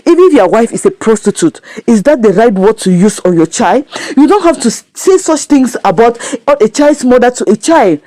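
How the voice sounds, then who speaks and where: A woman with a fairly high, mellow voice talks straight to her viewers and judges the characters' behaviour. Her casual commentary is recorded dry and close. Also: expressive, normal speed, dry recording. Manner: moralizing, addresses viewers directly. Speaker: show reviewer.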